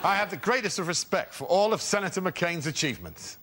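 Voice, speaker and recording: A man's voice: sits high, expressive, a little fast, pushed and bright, breathy edge. A man on a comedy panel show improvising a mock-grand political speech. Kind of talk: improvised comic speech parody.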